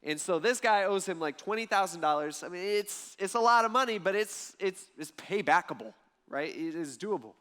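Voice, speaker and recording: A male pastor preaching a sermon, telling a parable with lively, animated delivery. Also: high voice, moderate pace. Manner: lively storytelling preacher, acts out voices in the parable.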